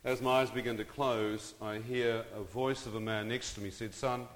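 A man's voice: on the low side, steady tone, moderate pace. A middle-aged man dramatically telling his own story to an audience, often turning to them with questions and asides. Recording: long reverb of a large hall.

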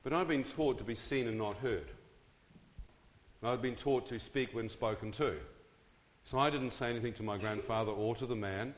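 A man's voice: medium pitch, normal speed. A man giving a storytelling testimony to a live audience, drawing them in with questions and jokes. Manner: engages the crowd with questions and jokes. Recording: hall with long reverb.

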